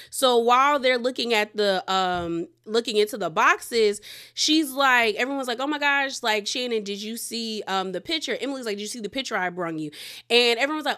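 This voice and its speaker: A woman's voice: on the high side, normal speed. A woman giving a chatty, gossipy recap of a reality TV episode, acting out the cast's lines as she retells them. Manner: chatty, gossipy, animated retelling with quoted voices. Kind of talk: casual recap commentary.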